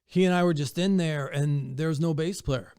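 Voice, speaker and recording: A man's voice: on the high side, normal speed, smooth, dry recording. A man guest on a podcast, telling studio and tour stories casually, acting out what others said. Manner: animated storyteller, acts out quoted dialogue. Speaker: touring drummer, guest. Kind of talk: casual interview storytelling.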